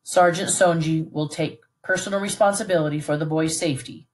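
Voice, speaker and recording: A woman's voice: low-pitched, fairly even intonation, brisk, natural voice. A woman reading as a stern, formal army colonel. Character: stern Japanese army colonel, middle-aged man, composed. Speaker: read-aloud narrator voicing a character.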